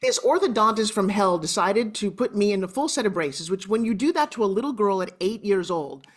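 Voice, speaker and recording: A woman's voice: medium pitch, lively intonation, brisk. Chatty, emotional Long Island woman in her sixties, guest telling her life story over a video call. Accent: Long Island New York. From Long Island, New York. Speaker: interview guest. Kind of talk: candid personal storytelling.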